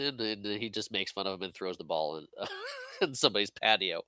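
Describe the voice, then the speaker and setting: Joking, bright-voiced man on a podcast. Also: low voice, lively intonation, fast, clear, resonant tone, no room sound. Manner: chimes in with jokes and laughs, quotes characters. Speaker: podcast co-host. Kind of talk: casual movie recap chat.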